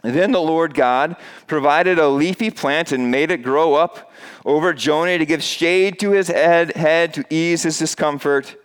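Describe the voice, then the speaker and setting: A man preaching to his congregation in a church, with a smooth, resonant voice set a little high. He keeps it conversational, trips over a word now and then, and fills pauses with "uh". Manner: conversational preaching with fillers and restarts; acts out quoted voices in a raised pitch. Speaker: pastor. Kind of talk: sermon. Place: church with a screen behind him.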